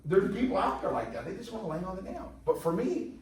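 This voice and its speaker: A man from Indiana gives a rapid, joking sales pitch and keeps firing questions at his audience. His voice sits a little high. He is heard from across an echoey meeting room, and a faint hum of ambience runs under his words. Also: sing-song, darkish tone, distant mic. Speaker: presenter. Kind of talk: sales presentation to a live audience. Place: company office meeting room.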